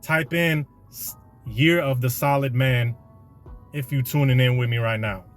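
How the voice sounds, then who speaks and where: A man's voice: medium pitch, steady tone, a little slow, faint music behind. A man hosting a podcast, delivering a slangy, conversational motivational monologue with a preachy edge. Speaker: podcast host.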